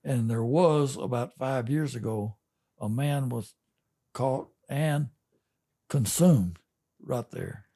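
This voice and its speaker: A man's voice: mid-range voice, mellow. An older man, a fishing captain telling a folksy story in a casual interview. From Texas. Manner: folksy, drawn-out yarn spinning with chuckles.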